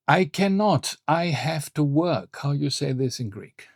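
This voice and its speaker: A man teaching a beginner Greek lesson online, saying model phrases clearly and slowly and setting short quizzes. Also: fairly high pitch, animated, no room sound, clean studio sound. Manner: clear, slow model phrases with quiz prompts.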